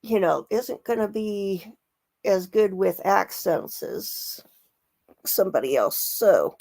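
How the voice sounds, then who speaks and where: A middle-aged woman talks slowly through a casual true crime commentary, her voice gravelly with fry. She rambles and restarts her sentences, leaning on fillers as she goes. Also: mid-range voice, expressive, darkish tone.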